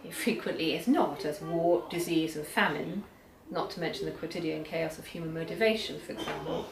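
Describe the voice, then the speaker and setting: A woman giving an academic lecture on poetry, measured, reading poems aloud slowly, recorded from a distance in a lecture hall. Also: low voice, creaky, crowd noise. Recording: echoey hall, far from the mic, audience.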